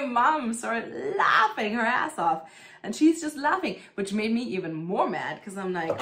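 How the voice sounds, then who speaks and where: A woman's voice: on the high side, big pitch swings, normal speed, fairly bright tone. A woman from East Germany in her thirties, chatting casually to the camera at home while doing plant chores, with lots of fillers and laughter. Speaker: vlogger.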